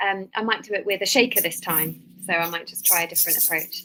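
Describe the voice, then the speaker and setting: A woman leading a family music webinar, talking in a relaxed way with many ums. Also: lowish voice, fast, few pauses, a little hiss or hum, rough recording. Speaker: music session leader. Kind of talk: webinar teaching.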